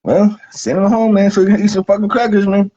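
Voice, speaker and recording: A man's voice: high-pitched, flat delivery, brisk, warm tone. A man playing a laid-back, cussing God. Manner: casual, profane, ends lines with "man". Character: God as a laid-back, profane regular guy. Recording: dull lo-fi recording.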